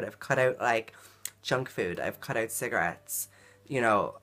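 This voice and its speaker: A woman's voice: extremely low pitch, a little slow, a bit bright. A woman vlogging a personal story in a casual, earnest way, full of "like" and "um" fillers. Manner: chatty, filler-heavy, frequent "like" and "um"; earnest and emotional in retelling.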